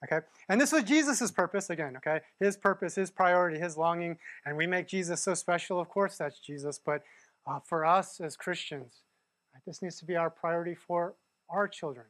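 Conversational man preaching, higher voice. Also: moderate pace, a bit bright, no room sound. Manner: conversational, keeps asking "right?". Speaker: pastor. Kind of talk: sermon.

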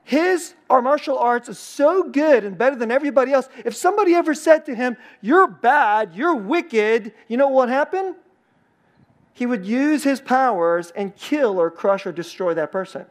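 A pastor preaching in a relaxed, conversational sermon style. The delivery is chatty and punctuated with frequent laughs. Key phrases get said twice to drive them home, and short quoted lines are acted out in a different voice. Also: sits high, normal speed. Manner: conversational, laughs often, repeats phrases for emphasis.

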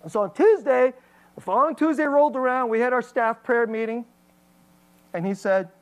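A woman's voice: fairly high pitch, moderate pace, rough recording. Candid woman pastor telling a story. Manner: candid, emotional storytelling with frequent fillers. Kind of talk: personal testimony in a sermon.

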